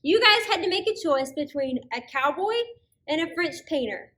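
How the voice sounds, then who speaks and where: Bright, upbeat woman hosting kids' church. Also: high-pitched, animated, moderate pace. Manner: upbeat, encouraging teacher voice. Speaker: children's ministry host.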